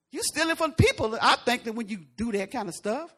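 A woman preacher giving a folksy, conversational sermon, swinging from loud emphatic lines to hushed asides. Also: high voice, expressive, fairly quick, few pauses.

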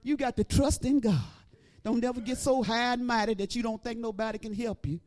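A woman gives a sermon that opens low and quiet, then climbs to shouted, sing-song lines with rhythmic repetition. Her pace is brisk and her tone steady.

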